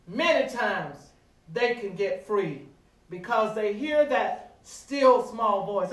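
A man preaching a sermon in a church, using call-and-response with the congregation and rising to shouts. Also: high voice, lively intonation, slow pace. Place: church sanctuary. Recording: echoey room, distant mic.

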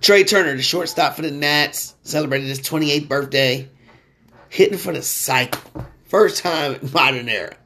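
A man hosting a sports podcast in a casual, slangy way, getting loud and excited when he rants. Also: fairly high pitch, moderate pace, a little hiss or hum.

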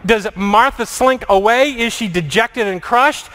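A man preaching a reflective sermon, asking many questions and moving between lively and hushed delivery. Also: very high voice, a little slow. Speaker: pastor.

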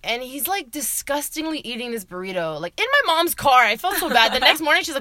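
Animated young woman telling stories. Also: sits high, a little fast, few pauses, dry recording. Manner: animated, swears a lot, acts out quotes. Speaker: podcast co-host. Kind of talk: casual storytelling chat.

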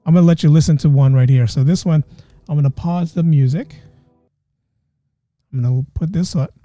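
A man's voice: a little high, normal speed, mellow, no room sound, faint music behind. A man hosting a podcast, talking casually and rambling with frequent restarts. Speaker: podcast host. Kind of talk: casual monologue.

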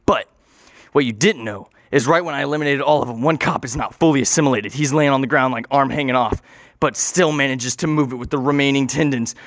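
A man improvising an absurd story in a rambling, excitable way, swearing and acting out the scenes. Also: fairly high pitch, no echo, clean studio sound.

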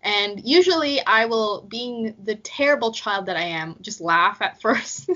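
A woman's voice: mid-range voice, animated, a little slow, pushed and bright. A young woman chatting casually on a podcast, giggly and full of fillers. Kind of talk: casual chat. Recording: dull lo-fi sound.

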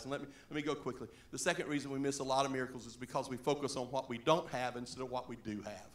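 A middle-aged man, a pastor telling a story from the pulpit in a folksy, animated way, laughing often and shouting at times. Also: mid-range voice, roomy sound. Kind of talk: storytelling sermon. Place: church sanctuary.

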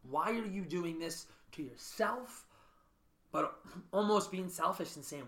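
A man hosts a podcast in a casual, earnest chat, thinking out loud. His voice is bright and forceful. The sound has a roomy echo. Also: high-pitched, a little slow. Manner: earnest, reflective, often asks "right?". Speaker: podcast host.

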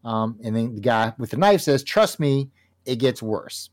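A man co-hosting a casual comic book talk show, animated and laughing often as he reads panels aloud. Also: mid-range voice, measured pace. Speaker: podcast co-host.

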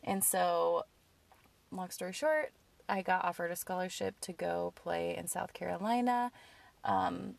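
Gravelly-voiced woman telling a story. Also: fairly low pitch, unhurried, far from the mic. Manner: chatty storyteller, quotes others in lively bursts. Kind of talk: casual chat.

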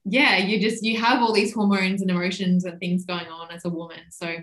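A woman's voice: fairly low pitch, little pitch movement. A woman hosting a podcast, chatting casually and agreeing often with her guest. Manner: warmly agreeing, quick bursts of laughter. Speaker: podcast host. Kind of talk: casual chat. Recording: echoey room.

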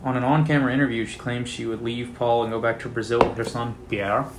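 Young male podcast co-host, mid-pitched voice, loose filler-heavy chat, home kitchen recording with steady background noise. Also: fast talker. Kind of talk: casual chat.

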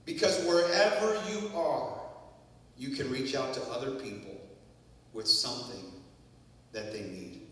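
A man's voice: medium pitch, unhurried, pauses often. A minister reading a story aloud in an earnest, emotional way, then reflecting on his own experience. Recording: echoey hall from far off.

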